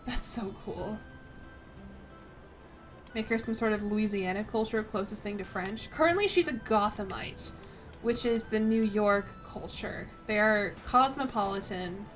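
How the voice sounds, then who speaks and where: At normal speed and in a mid-range voice, a woman streams a strategy game with faint music in the background. Her commentary is casual: she reads the on-screen text aloud, stumbles on words, swears, and keeps dropping "like" into her chatter.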